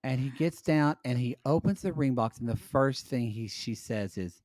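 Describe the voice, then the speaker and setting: A man co-hosting a podcast, recapping a reality show in casual chat with catty, expressive commentary and free swearing. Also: medium pitch, moderate pace, no echo. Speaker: podcast co-host.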